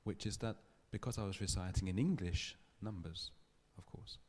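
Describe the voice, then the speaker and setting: A man giving a public lecture, telling a story in a thoughtful, measured way with small restarts. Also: sits low, darkish tone. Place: lecture hall.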